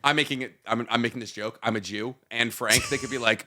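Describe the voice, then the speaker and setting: A man's voice: medium pitch, fairly even intonation, fast, sharp tone. A young man co-hosting a casual podcast, ranting animatedly with a lot of swearing. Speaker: podcast co-host.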